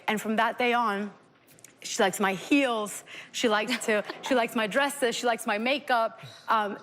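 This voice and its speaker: Earnest woman, high voice, reverb. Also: fairly even intonation, a little slow, fairly bright tone. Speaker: parent guest. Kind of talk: emotional personal story on a TV talk show.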